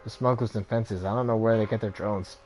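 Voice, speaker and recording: A man's voice: mid-range voice, expressive, fairly quick, darkish tone, faint music behind, pitched above the performer's own voice, close to an everyday voice. Man reading as a shifty drone seller, nervous, salesman patter, game dialogue.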